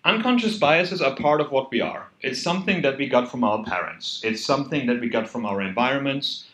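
Delivering a conference talk to an audience, a German-accented man speaks earnestly and conversationally, hitting points with abrupt emphasis. His voice sits in the middle register with a slightly bright quality, and the space echoes like an event hall.

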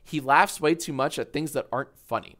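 A man's voice: a little high, fairly quick, fairly bright tone. A man in his thirties chatting casually on a livestream, telling a story with swearing and frequent laughter. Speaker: streamer.

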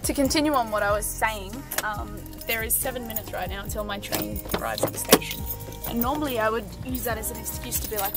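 Mulher australiana, tom um pouco agudo, sem fôlego, tagarela, música de fundo. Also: female voice, a little high, fairly quick. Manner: rambling, chatty, self-deprecating. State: out of breath. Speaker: vlogger. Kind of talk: casual vlog chat. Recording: music playing behind.

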